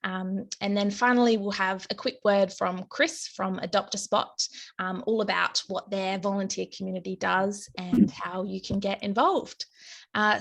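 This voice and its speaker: A woman hosting an online event, introducing speakers in a relaxed way with many fillers. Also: medium pitch, vocal fry. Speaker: event host. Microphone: video call.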